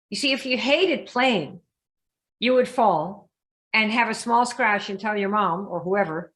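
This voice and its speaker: A woman coaching a group in a lively live session, often asking her listeners questions and acting out the voices she quotes. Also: mid-range voice, unhurried. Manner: emphatic, asks the audience questions, acts out quoted voices. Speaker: business coach.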